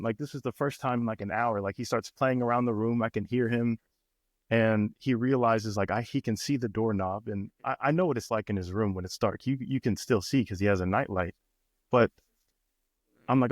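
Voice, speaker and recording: A man's voice: mid-range voice, normal speed, dry recording. Storytelling man on a podcast, dry close mic. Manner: storytelling, many restarts, acts out quoted voices. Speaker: personal coach, podcast co-host. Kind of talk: casual podcast chat.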